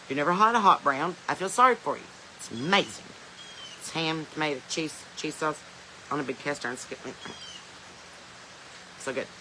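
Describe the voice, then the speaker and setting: On a poor-quality phone livestream, a Southern woman from the U.S. laughs and jokes while going through viewer comments. Her low-sitting voice is bright and forward over a faint hiss, moving at normal speed with long pauses and loose, drawling asides.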